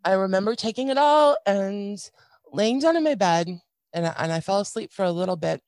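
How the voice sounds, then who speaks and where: A middle-aged woman telling a painful personal story in a candid, halting way, with many restarts and dry, wry asides. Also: medium pitch, animated, darkish tone, no echo. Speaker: guest sharing a personal story.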